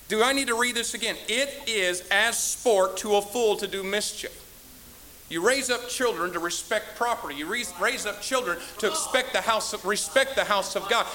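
Fiery high-voiced preacher man. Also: expressive, moderate pace. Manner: fiery, scolding, rising to shouts. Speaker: pastor. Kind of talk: sermon.

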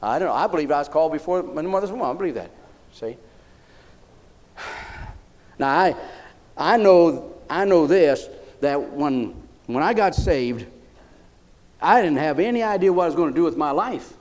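A man's voice: fairly high pitch, animated, normal speed, pauses often, darkish tone. A man preaching a folksy sermon, often asking his congregation "Huh?".

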